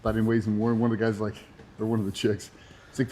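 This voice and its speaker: A man's voice: on the low side, flat delivery, fast talker, mellow, a little hiss or hum. A man co-hosting a gym livestream, bantering and giving grip training tips in a bro-ish joking way. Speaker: co-host trainer. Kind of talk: casual banter and exercise tips.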